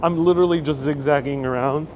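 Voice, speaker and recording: A man's voice: a little high, steady tone, fast talker, a little hiss or hum. A man hosting a live walking tour stream, chatting in a rambling way and reading out viewer comments as he walks. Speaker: host. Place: outdoors on a city street. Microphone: wireless lapel mic.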